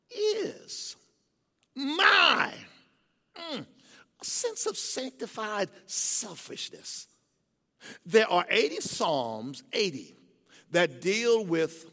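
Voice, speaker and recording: An older man preaching a sermon, swinging from low, quiet passages to soaring, emphatic shouts. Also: creaky. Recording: long hall reverb.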